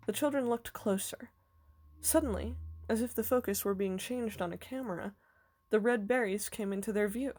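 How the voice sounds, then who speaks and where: A woman teacher reading a children's novel aloud in a clear, even storytelling manner. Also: mid-range voice, moderate pace.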